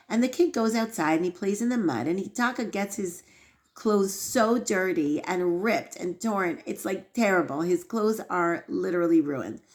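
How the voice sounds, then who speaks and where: A woman's voice: fairly low pitch, vocal fry. A woman giving an earnest, inspirational religious lesson, telling stories with emphasis. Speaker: Torah teacher.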